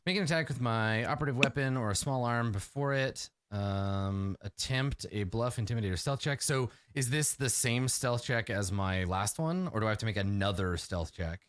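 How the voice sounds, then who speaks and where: A man's voice: fairly low pitch, normal speed, few pauses, a bit bright, no echo, clean studio sound. A man playing a tabletop game, blunt and joking, reading the rules aloud as he works out his move. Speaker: player. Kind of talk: casual tabletop play.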